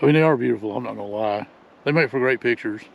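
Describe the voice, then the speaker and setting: A man's voice: medium pitch, very fast, creaky, highs cut off. An older man chatting in a folksy, chuckling way as he vlogs outdoors on a windy trail. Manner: folksy, chuckling, says "y'all". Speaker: vlogger. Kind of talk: casual outdoor vlog chat.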